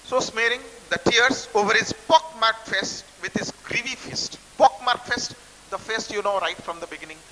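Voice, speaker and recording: A man's voice: sits high, normal speed, sharp tone, long reverb tail, a little hiss or hum, low-quality recording. A man with an Indian English accent explaining a textbook story to students, repeating phrases and stopping to define words. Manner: repetitive, restarts phrases while explaining word meanings. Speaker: college English teacher.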